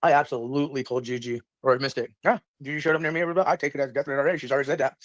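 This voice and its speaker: A man's voice: mid-range voice, fairly even intonation, racing, dry recording. A man talking indignantly on a livestream, repeating himself. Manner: indignant, repetitive. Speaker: streamer. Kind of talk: livestream rant.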